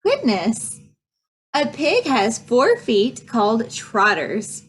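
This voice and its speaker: Slow, sing-song breathy storytime woman. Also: a little high, huge pitch swings, a little hiss or hum. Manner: slow, sing-song reading with animal noises. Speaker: children's librarian. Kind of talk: preschool storytime read-aloud.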